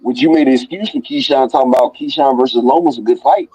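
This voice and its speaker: A man hosting a casual boxing talk stream, profane and excitable as he rattles off dream fights. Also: mid-range voice, fast, breathy edge, dry recording, muffled recording. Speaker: boxing talk show host. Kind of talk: casual live stream banter.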